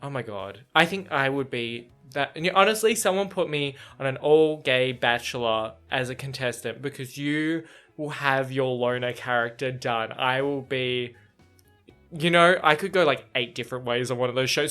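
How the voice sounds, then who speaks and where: A man's voice: mid-range voice, normal speed, bright, forceful tone, faint music behind. A man chatting casually in a reaction vlog about a book chapter, rambling with lots of fillers, restarts and swearing.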